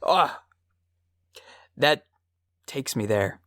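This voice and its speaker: A woman's voice: rumbling low, animated, very slow, a bit bright, dry recording, studio quality. A woman co-hosting a casual comedy podcast, giggling often and reading reviews aloud. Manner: giggly, reads reviews aloud with playful attempts at accents. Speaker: podcast co-host.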